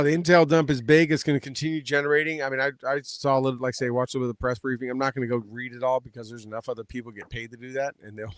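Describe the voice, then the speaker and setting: A man's voice: medium pitch, no room sound, clean studio sound. Rambling man in casual political chat. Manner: rambling, many restarts, retells scenes in quoted voices. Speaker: panelist.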